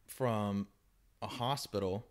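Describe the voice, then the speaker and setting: A young man hosting a podcast, telling a story in casual chat, animated and swinging between loud bursts and hushed asides. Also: lowish voice, slow. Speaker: podcast host.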